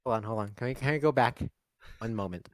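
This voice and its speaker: A man co-hosting a casual movie podcast, animated and jokey as he tells comic bits. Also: medium pitch, fast, no room sound. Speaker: podcast co-host. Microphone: lavalier microphone.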